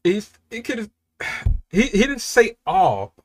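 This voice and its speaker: A man hosting a music reaction, talking casually and excitably, swearing often and swinging from low muttering to loud outbursts. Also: takes it slowly.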